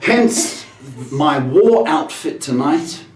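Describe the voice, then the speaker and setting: A man from England hosting a livestream, telling comic stories in an exasperated, animated rant that bursts out loud. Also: on the high side, extremely slow, echoey room, slight background noise. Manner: exasperated, animated ranting with sudden loud outbursts. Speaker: livestream host. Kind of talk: comedic storytelling rant.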